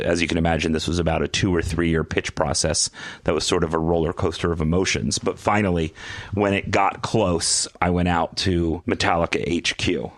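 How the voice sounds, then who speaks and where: Man, very low voice, enthusiastic long explanations, dry close sound. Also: no echo. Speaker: guest, VIP experience company executive. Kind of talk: casual podcast conversation.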